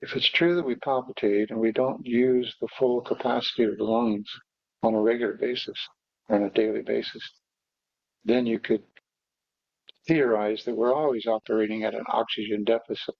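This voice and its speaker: A man teaching meditation, guiding breathing exercises slowly and haltingly, with pauses and fillers. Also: mid-range voice, steady tone, gravelly, no room sound. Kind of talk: guided breathing instruction. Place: meditation hall. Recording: dull, dry lo-fi recording.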